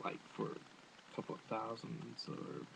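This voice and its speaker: Ranting crudely and comedically into his webcam, a male vlogger rambles and laughs a lot. His fairly low voice is animated yet a little slow, creaky and fairly bright in tone, captured as dull webcam-mic audio with faint hiss.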